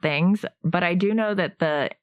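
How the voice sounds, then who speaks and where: A young woman comedian talking on a podcast in a lowish voice. She jokes in a dry, offhand way, trails off with fillers, and sounds close and dry. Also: measured pace, no echo, dull audio. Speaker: stand-up comedian guest. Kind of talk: casual comedy podcast chat.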